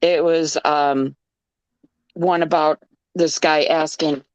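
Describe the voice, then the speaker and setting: 50s woman from michigan, slow steady talker, dry close sound. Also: deep voice, clear, resonant tone, no room sound, poor audio. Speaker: chat participant. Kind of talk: casual late-night group chat.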